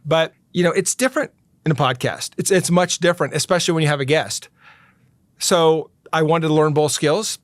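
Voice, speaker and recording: A middle-aged podcast host answers interview questions earnestly and emphatically, slowing down to stress his key points. His voice sits a little high, and the recording is studio quality with no echo.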